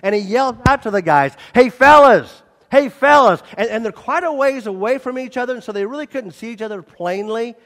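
A man preaches a sermon with a high voice, reading scripture in an even tone before swelling loudly on quoted lines and appeals to the listeners. The sound carries a long reverb from a large church hall. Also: quick pace, few pauses. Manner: animated preaching, surging loud on quotes and appeals. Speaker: pastor.

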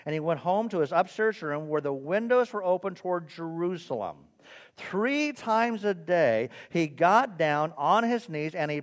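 Preaching to a church, this man speaks in a higher-pitched voice, questioning his listeners, talking with them conversationally, and mocking himself. His sermon is followed by a long reverb from the hall.

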